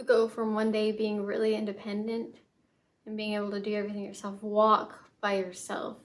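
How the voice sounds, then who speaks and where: A young woman telling her own story in a vlog, soft and halting, with many fillers and restarts. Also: mid-range voice. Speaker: vlogger.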